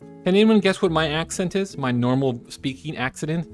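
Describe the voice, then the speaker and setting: A man's voice: a little high, animated, normal speed, faint music behind. A man streaming casually while he draws, chatting in a playful, rambling way and slipping into silly voices.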